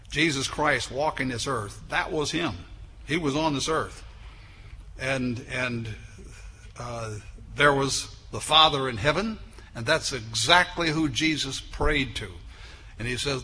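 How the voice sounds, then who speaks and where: A man preaching a sermon, building emphatically to forceful peaks and then dropping low. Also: unhurried, pauses often. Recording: echoey hall with faint noise.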